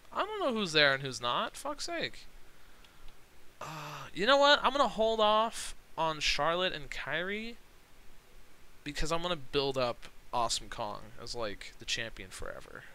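A young man streams a wrestling management game and talks through it. His voice is very bright, with lively swings in pitch. He swears freely and laughs often. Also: clean tone, low-quality recording. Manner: excited, profane, laughing often. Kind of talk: casual gaming livestream commentary.

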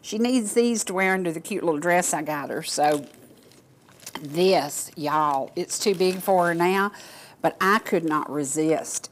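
A woman's voice: lowish voice, unhurried, slight background noise. An older woman from Georgia, hosting a local talk show and chatting casually to viewers in a gushing, folksy way. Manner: gushing, folksy, addresses audience as y'all.

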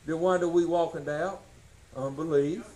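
A man preaching a sermon, folksy and emphatic, swinging from shouts to low tones. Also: fairly even intonation, moderate pace, low-quality recording. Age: 60s.

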